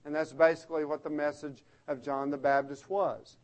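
High-voiced man preaching a sermon. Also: flat delivery, moderate pace. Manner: emphatic, conversational preaching with restarts. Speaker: pastor.

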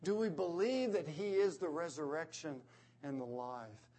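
A man preaching a sermon, explaining scripture verse by verse with slow, emphatic delivery. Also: fairly high pitch, mellow. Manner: slow, emphatic expository preaching with swells in volume.

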